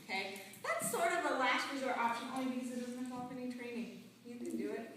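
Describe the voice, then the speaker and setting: Woman dog trainer, upbeat class instructor, fairly high voice, echoey hall, heard from across the room. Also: expressive, fast, fairly bright tone, far from the mic, slight background noise. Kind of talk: teaching a puppy class. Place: large indoor training hall. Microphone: camera mic from across the room.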